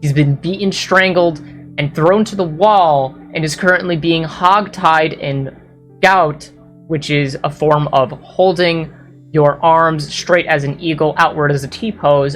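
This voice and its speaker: A woman with a notably low voice runs a tabletop game as game master. She describes scenes at length and breaks off now and then to apologize, while soft guitar music plays behind her. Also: fairly even intonation, a little slow. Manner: descriptive, apologetic asides, some slips.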